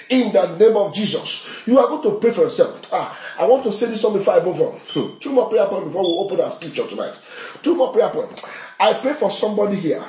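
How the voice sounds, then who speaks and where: A man leading a fervent prayer session in church, shouting repeated declarations and breaking into tongues. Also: sits high. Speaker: pastor. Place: church service. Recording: roomy echoey hall.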